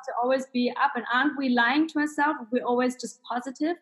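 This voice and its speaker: A woman with a high voice hosts an interview. She sounds eager and effusive as she asks her questions. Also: fairly even intonation, quick pace, a bit bright, husky. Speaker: interviewer, host.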